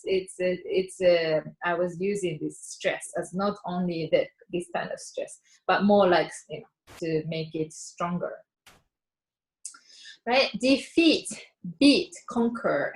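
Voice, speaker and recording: A woman teaching English vocabulary in an online seminar, explaining slowly and patiently with frequent fillers and restarts; her first language is Japanese. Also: fairly low pitch, poor audio. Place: online session.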